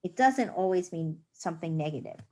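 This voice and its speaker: A woman's voice: lowish voice, animated, brisk, a little mellow. A woman teaching a reading class, patiently sounding out words and explaining rules. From United States.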